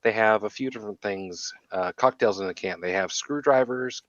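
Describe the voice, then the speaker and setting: A man's voice: lowish voice, normal speed, fairly bright tone, dry recording, dull audio. A man hosting a casual podcast chat, joking and swearing freely as he drinks. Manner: joking, profane, rambling, slightly tipsy. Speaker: podcast host.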